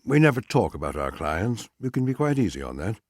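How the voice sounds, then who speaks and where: A cool, blunt professional hunter speaks in short, clipped phrases with a low, husky voice, as a man reads him. The sound is close and dry. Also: big pitch swings, fairly quick, no echo. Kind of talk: audiobook character reading.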